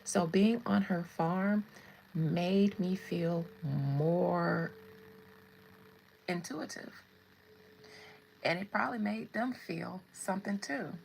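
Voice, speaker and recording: A woman's voice: fairly low pitch, slow pace, vocal fry, pauses often, a little mellow, a little hiss or hum, rough recording. A woman hosting a casual tarot livestream, chatting with viewers and laughing often. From United States. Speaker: tarot reader and livestream host.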